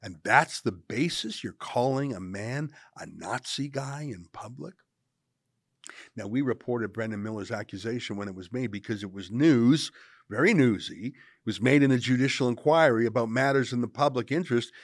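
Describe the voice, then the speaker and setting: A man's voice: medium pitch, moderate pace, dry recording, studio quality. A man commentating on clips, sarcastic and argumentative. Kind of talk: opinion commentary.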